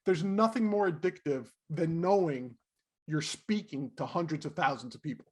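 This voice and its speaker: Man, middle-aged, podcast co-host, high voice, animated storyteller, laughs a lot. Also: normal speed. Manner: animated, laughing, acts out quotes. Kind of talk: casual storytelling chat.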